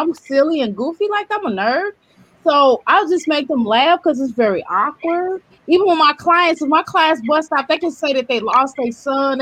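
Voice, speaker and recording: High-voiced animated woman chatting. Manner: animated, laughs easily, acts out quotes. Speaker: panelist. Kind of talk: casual chat.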